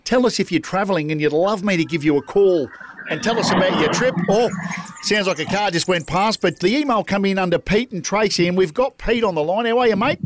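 An Australian man hosting a caravan podcast from a small studio, chatty and quick to laugh. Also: sits high, noisy background. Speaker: podcast host. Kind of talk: casual chat.

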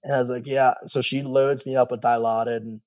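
Mellow-voiced young man telling a story. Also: mid-range voice, flat delivery, a little fast, dry recording. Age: young adult. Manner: loose, rambling, retells dialogue with "he's like". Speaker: guest telling his story. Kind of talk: casual storytelling.

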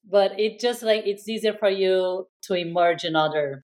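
A woman's voice: medium pitch, moderate pace, darkish tone. A woman, co-hosting a casual podcast and talking in a chatty way full of fillers. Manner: chatty, many fillers like "like" and "right?". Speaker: podcast co-host. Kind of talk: casual chat.

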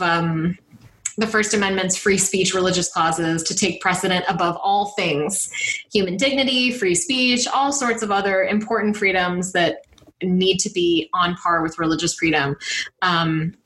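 A woman co-hosting a podcast, giving indignant political commentary with halting restarts and some swearing. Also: mid-range voice, steady tone, fairly bright tone, low-quality recording. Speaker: podcast co-host.

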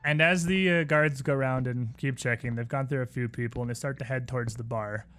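A man narrating a tabletop role-playing game as game master, in a relaxed, rambling way. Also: mid-range voice, fairly quick, soft background music.

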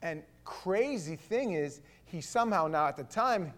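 A man pastor giving a conversational sermon with stammering restarts, swelling into loud fervor. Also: on the high side, expressive, unhurried.

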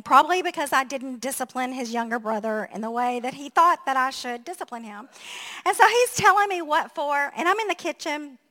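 A middle-aged woman pastor giving a sermon, telling funny family stories in an animated way and laughing at herself. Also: high voice.

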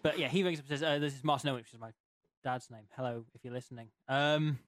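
A man's voice: mid-range voice, fast talker, no echo, clean studio sound. A young man telling rambling anecdotes in a casual podcast chat, full of ums and restarts. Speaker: podcast co-host.

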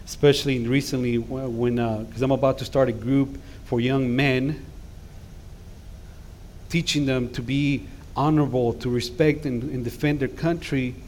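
Impassioned pastor preaching. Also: male voice, mid-range voice, fairly even intonation, moderate pace, darkish tone, a little hiss or hum. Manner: impassioned, rising to emphatic exhortations. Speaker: guest pastor. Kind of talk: sermon. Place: church sanctuary.

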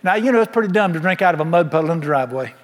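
A man's voice: on the high side, lively intonation, very fast. A man preaching a sermon, folksy and emphatic, firing rhetorical questions at the congregation. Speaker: pastor. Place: church sanctuary. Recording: long reverb of a large hall.

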